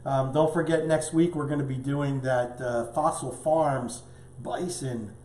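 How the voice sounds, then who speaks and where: A man's voice: mid-range voice, fairly even intonation, measured pace, a little mellow, echoey room, a little hiss or hum. A man hosting a live cooking show as the chef, upbeat and chatty, tasting and talking as he goes. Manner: upbeat, chatty, talks with mouth full at times. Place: home studio kitchen.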